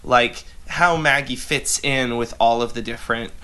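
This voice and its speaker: A man's voice: mid-range voice, steady tone, moderate pace, bright, forceful tone, smooth. A man co-hosting a comedy podcast in casual chat, rambling and profane, with lots of fillers. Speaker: podcast co-host.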